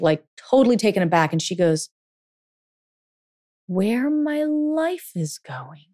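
A woman's voice: lowish voice, a little mellow, no room sound, clean studio sound. A woman coach telling a story in a casual monologue, full of fillers, then turning blunt and emphatic, with some swearing. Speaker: dating and life coach.

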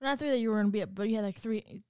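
A woman's voice: medium pitch, racing, darkish tone, clean tone, dry recording. A woman co-hosting a podcast in casual chat, scattered and chatty, nudging her partner to tell stories. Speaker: podcast co-host.

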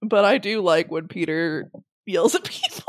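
Her voice is lowish and measured as she co-hosts a relaxed book discussion podcast, animated and repeatedly breaking into laughter. She performs the characters' lines while retelling them, and the sound is dry and close with no room echo.

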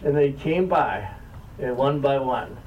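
A man's voice: medium pitch, expressive, unhurried, lo-fi sound. An older man telling wry, self-mocking stories to an audience as an author. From American South. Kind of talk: humorous storytelling talk. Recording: distant mic, faint room noise.

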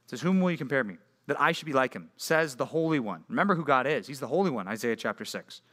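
A young man preaching a sermon to junior high students in an animated, conversational way, full of rhetorical questions. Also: fast. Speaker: youth pastor.

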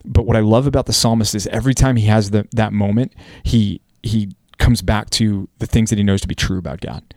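A man's voice: lowish voice, steady tone, a little fast, darkish tone, no echo, clean studio sound. A man hosting a casual Bible study podcast, talking in an earnest, conversational way and now and then acting out the quotes he reads. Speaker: podcast host teaching scripture.

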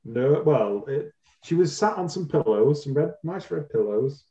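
A man's voice: a little high, lively intonation, measured pace, mellow, echoey room, lo-fi sound. A man co-hosting a podcast, recapping a show in casual chat with a dry, wry manner and frequent laughs. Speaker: podcast co-host.

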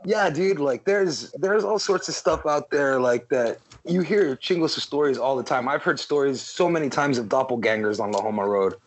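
A man's voice: medium pitch, normal speed, few pauses, rough recording. A man in a casual podcast chat, rambling with lots of fillers and freely swearing. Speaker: podcast panelist.

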